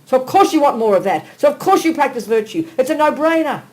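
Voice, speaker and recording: An older woman giving a Buddhist teaching in a blunt, emphatic, conversational way, swinging between quiet asides and animated bursts. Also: high-pitched, quick pace, rough recording. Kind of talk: dharma teaching talk. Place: teaching hall.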